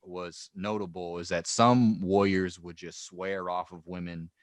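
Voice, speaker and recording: A man's voice: low-pitched, steady tone, measured pace, no echo, clean studio sound. A man co-hosting a history podcast, telling the story in a loose, joking way with many restarts. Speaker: podcast co-host. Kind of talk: casual history podcast chat.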